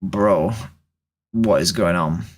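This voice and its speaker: A trans woman with a very deep, slow voice hosts a video chat stream from a room at home, sitting at her camera. She jokes around and teases strangers in casual conversation.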